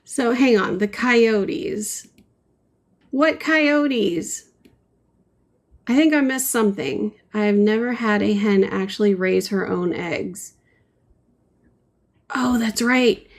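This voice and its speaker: A woman's voice: medium pitch, slow pace, long pauses. A woman chatting playfully with her viewers, answering their comments as she paints on a livestream. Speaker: livestream host. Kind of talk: casual chat while painting live.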